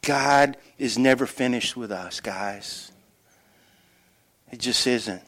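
A middle-aged man preaching a sermon as pastor, telling stories with animated energy and dropping to quiet, earnest emphasis. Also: mid-range voice, slow. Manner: animated storytelling that shifts between loud excitement and quiet earnest emphasis.

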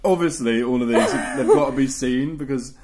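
A man's voice: mid-range voice, moderate pace, a little mellow. A man co-hosting a podcast, teasing and swearing in casual banter. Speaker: podcast co-host. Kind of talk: casual chat.

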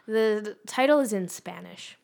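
A woman's voice: mid-range voice, lively intonation, moderate pace, creaky, darkish tone. A woman co-hosting a casual podcast chat, wry as she sets up segments and reads lyrics aloud. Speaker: podcast co-host.

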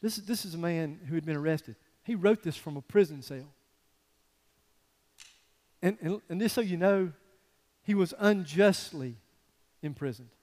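High-voiced pastor preaching in a reverberant church. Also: male voice. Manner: conversational, animated, folksy preaching with asides to the congregation. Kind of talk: sermon.

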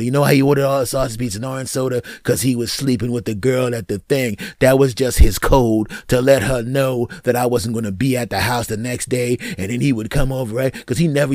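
A man's voice: mid-range voice, dry recording, studio quality. A man hosting his own podcast, telling a story from his life and acting out both sides of the conversation. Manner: animated, acts out both sides of the story with lively voices. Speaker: podcast host. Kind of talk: storytelling monologue.

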